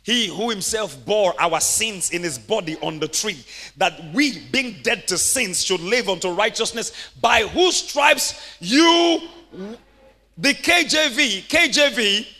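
High, bright-voiced pastor preaching in a hall. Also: male voice, lively intonation, takes it slowly. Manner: laughing, rising to shouted exclamations. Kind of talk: sermon. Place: church.

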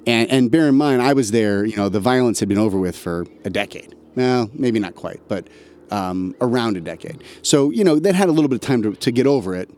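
A man's voice: medium pitch, lively intonation, fairly quick, a little mellow. A man, an army veteran guest on a podcast, telling a long story in a loose, slangy, conversational way. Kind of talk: casual storytelling chat.

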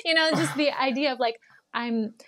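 A woman's voice: sits high, normal speed, a bit bright. A woman in her twenties telling stories in a casual interview, chatty with many fillers and laughing as she talks. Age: 20s. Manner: chatty, lots of fillers, laughs while talking. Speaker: guest, former English teacher.

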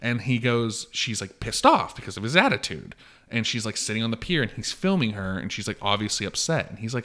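Rambling man with a lowish voice. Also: big pitch swings, brisk. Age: adult, long married. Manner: rambling, heavy on "like", acts out quotes with big jumps in loudness. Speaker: podcast co-host. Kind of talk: casual film discussion.

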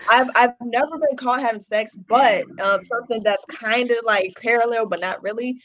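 A woman's voice: a little high, moderate pace, a bit bright. A woman speaking bluntly and profanely in a casual podcast chat. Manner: blunt, profane, matter-of-fact. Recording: dull lo-fi sound.

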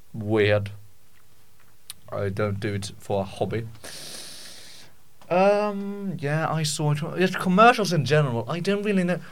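Brief: male podcast host, mid-pitched, casual comic rant, stumbles and restarts a lot. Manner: rambling, with many restarts and stammered repeats; jokey, mock-indignant.

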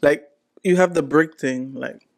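A man talks in a loose, slangy way, cracking jokes as he hosts. His voice is gravelly with a touch of fry, and it sits a bit high for a man. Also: measured pace. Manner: slangy, animated, joking. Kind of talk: casual chat.

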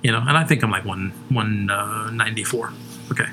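A man's voice: lowish voice, fairly quick, sharp tone, faint music behind. Profane rambling man telling stories. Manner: profane, rambling, laughs at his own jokes. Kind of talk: crude comedic storytelling.

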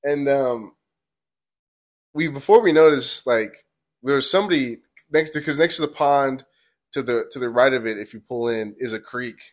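A man's voice: medium pitch, moderate pace. A young man, a podcast host, telling a story casually with many "like"s and acted quotes. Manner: rambling, many "like"s, acts out quotes.

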